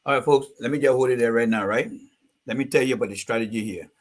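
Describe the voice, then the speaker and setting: A man's voice: medium pitch, fast talker. A male host with a mid-range voice breaks down a speech for his audience. He talks straight to his listeners in a plain, explanatory way. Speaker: host and political commentator. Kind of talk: commentary on a played speech.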